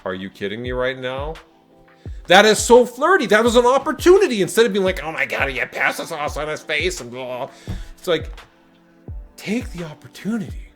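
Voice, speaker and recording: A man giving dating advice in a casual, animated monologue, emphatic with jokey asides. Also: medium pitch.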